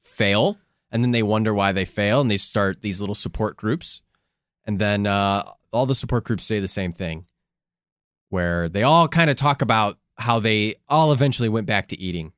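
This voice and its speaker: A man co-hosting a podcast in casual chat, blunt and animated, swearing freely. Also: lowish voice, normal speed, clean tone, no echo, studio quality. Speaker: podcast co-host.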